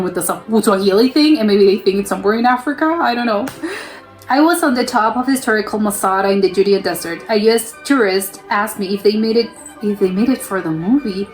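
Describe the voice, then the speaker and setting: A young woman from the United States hosting a reaction video, reading comments aloud and reacting with laughs and disbelief. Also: a little high. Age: young adult.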